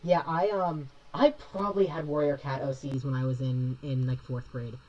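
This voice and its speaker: Low-voiced young woman chatting while drawing. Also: steady tone, normal speed, a little mellow, lo-fi sound. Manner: rambling, chatty, reads and answers chat. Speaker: streamer drawing live. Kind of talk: casual chat while drawing.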